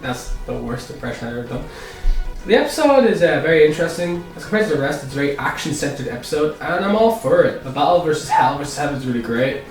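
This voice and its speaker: A man giving a casual, profane video review, excitable and prone to sudden outbursts. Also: a little high, fast. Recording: echoey room, far from mic, music behind.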